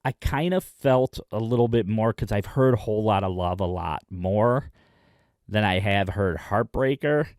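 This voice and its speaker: Chatty man with a low, dry voice. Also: a little mellow, no echo. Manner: chatty and enthusiastic, with frequent "uh" pauses. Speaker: music video host. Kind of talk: casual album rundown.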